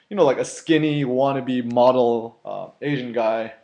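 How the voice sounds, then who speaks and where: A man's voice: mid-range voice, normal speed, vocal fry. Chatty young man telling a story. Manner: chatty, filler-heavy, animated when quoting others. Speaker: street photography blogger. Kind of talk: casual storytelling to camera.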